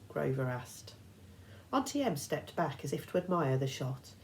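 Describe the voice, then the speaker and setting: Teacher lady reading a story aloud, deep-ish voice, lots of expression. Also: normal speed, a little mellow, a little hiss or hum, low-quality recording.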